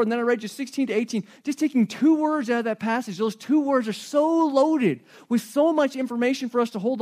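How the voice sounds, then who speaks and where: A man's voice: very high voice, a little mellow. A man pastor preaching a sermon in a conversational, joking way.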